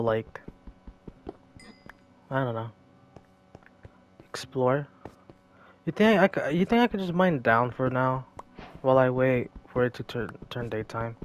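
A man giving casual gameplay commentary, jokey and excitable, talking to himself and to the game's creatures. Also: medium pitch.

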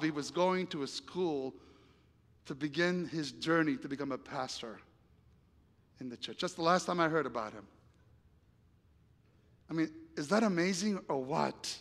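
A man's voice: on the high side, a bit bright. A male pastor preaching a sermon, telling a story and acting out the dialogue, then building to emphatic appeals. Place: church sanctuary. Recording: long church reverb.

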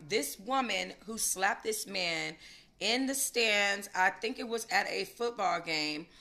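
Female livestream host, bright forceful voice, slangy and emphatic, casual commentary to a chat. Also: mid-range voice, vocal fry.

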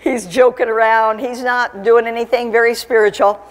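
A woman's voice: a little high, steady tone, normal speed, long reverb tail. A woman evangelist preaching a sermon in a church, telling stories with humor and rising to fervent declarations. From Alaska. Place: church sanctuary.

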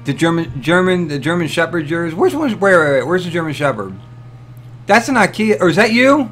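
Excitable, cursing man hosting a live stream. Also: a little high, brisk. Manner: excitable and profane, laughs often, greets chatters by name. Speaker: livestream host. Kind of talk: casual live-stream chat, reading viewer messages.

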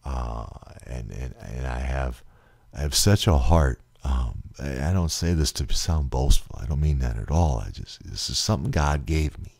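A man with a very deep, husky voice hosts a solo podcast. He rambles earnestly, trips over repeated words and sounds close to tears. The recording is dry and close to the mic. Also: expressive, normal speed, darkish tone, dry recording. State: near tears. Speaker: podcast host.

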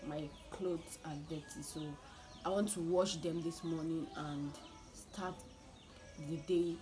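A woman's voice: low-pitched, fairly even intonation, slow pace. A young woman chatting to her viewers in a casual vlog from home, laughing often and restarting her sentences. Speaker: vlogger.

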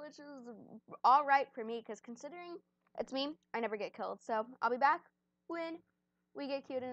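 A young woman with a slightly high voice talks through her game in a rambling, self-deprecating way, sometimes chewing as she speaks. The recording is dry and a little dull, as if made on a modest home mic. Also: lively intonation, normal speed, fairly bright tone, dry recording. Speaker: gaming channel host. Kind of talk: casual gameplay commentary. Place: at home, on a bed.

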